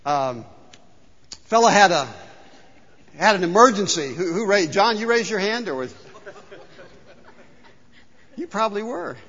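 A man preaching a sermon as pastor in a church, telling a folksy story with lively exclaimed punchlines. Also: high-pitched, unhurried, long pauses, husky, in a large hall, muffled recording. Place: church sanctuary.

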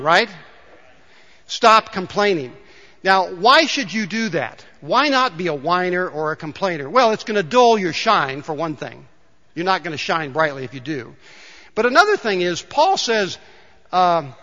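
A man's voice: sits high, animated, normal speed, bright, forceful tone. A man preaching a sermon to his congregation, building to emphatic calls and telling a joke along the way. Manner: rises to emphatic calls to the congregation, tells jokes. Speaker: pastor. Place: church sanctuary. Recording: dull sound with long hall reverb.

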